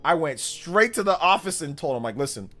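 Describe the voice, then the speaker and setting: A man in his thirties, hosting a livestream and telling a childhood story in a casual, animated way. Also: a little high, brisk, soft background music. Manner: animated, with exaggerated voices for quoted people. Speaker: livestream host.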